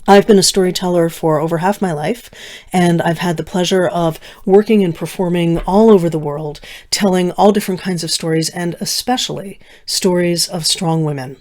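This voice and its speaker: A middle-aged woman storyteller telling a personal story, slowing down with dramatic pauses and dropping to soft, hushed asides. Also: on the low side. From United States. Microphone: video recording.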